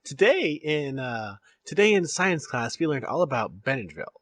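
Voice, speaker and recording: Podcast host guy, bright tense voice, laughs a lot, dry close sound. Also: mid-range voice, big pitch swings, moderate pace, no room sound. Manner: laughs often, rambling with restarts. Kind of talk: casual podcast chat.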